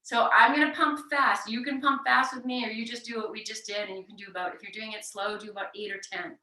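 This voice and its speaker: A woman leads a yoga class with gentle, encouraging cues, stopping to demonstrate forceful breathing exercises. Her voice is bright and clear. She is recorded from some distance in an echoey room. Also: on the high side, steady tone, quick pace. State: sweating from exertion. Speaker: yoga teacher. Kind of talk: guided yoga class instruction. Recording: roomy echo, voice heard from a distance.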